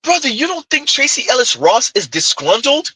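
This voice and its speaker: A man with a high, husky voice delivers heated reaction commentary. He jumps all over his pitch as he fires off mocking rhetorical questions. The recording is dry and close. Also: sing-song, moderate pace, sharp tone, no echo, poor audio.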